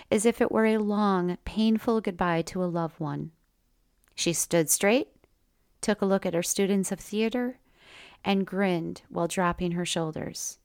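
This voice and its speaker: A woman's voice: medium pitch, vocal fry, a little mellow, no echo, studio quality. A woman narrating a first-person memoir to her listeners, with wry, conversational asides. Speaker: storyteller.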